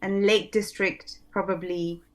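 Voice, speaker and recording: Hesitant, soft-spoken woman guest. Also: mid-range voice, flat delivery, unhurried. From lives in London. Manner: hesitant, many ums and restarts, laughing softly. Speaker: guest, English teacher. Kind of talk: casual interview chat.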